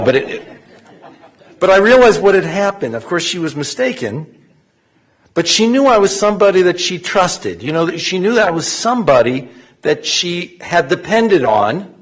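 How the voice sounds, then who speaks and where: A man's voice: on the high side, husky. A man officiating a funeral, reading scripture in Hebrew and English and then telling a story in a eulogy. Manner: reads Hebrew quickly, then English with measured solemnity.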